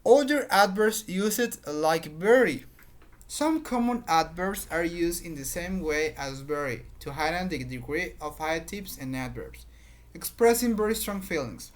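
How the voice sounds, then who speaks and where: Slow teacher. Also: medium pitch, lively intonation. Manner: repeats patterns, explains with examples. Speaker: English teacher. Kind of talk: grammar lesson.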